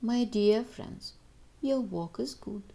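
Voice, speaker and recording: Here an English teacher, originally a Russian speaker, walks children through homework on a recording, reading out exercises and answers and speaking to them directly. Her voice is a little high and warm, with vocal fry, and her pace is slow.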